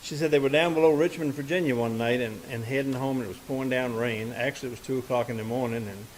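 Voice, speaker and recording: A man's voice: mid-range voice, quick pace, poor audio. A man with a drawl tells a story from a live music stage, speaking into a stage microphone. His voice sits in an ordinary middle register. His telling is loose and folksy, full of small restarts, and a light hiss runs under the recording. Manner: folksy, rambling, with many "and, uh" restarts. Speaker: musician and bandleader. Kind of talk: onstage storytelling to a live audience.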